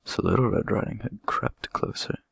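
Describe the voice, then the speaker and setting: A man reading a bedtime story aloud in an expressive, gentle storytelling manner. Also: normal speed, no room sound.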